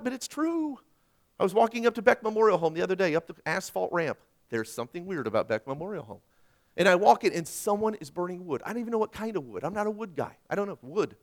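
A male pastor preaching a sermon in a conversational way with personal stories, swinging from loud, emphatic lines to hushed ones. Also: sits high, gravelly.

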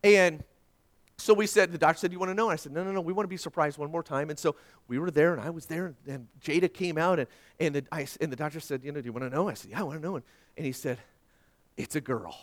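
A man preaching a sermon, telling stories dramatically and repeating words when excited. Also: fast talker. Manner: dramatic storytelling with big swings in pitch and loudness. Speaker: pastor.

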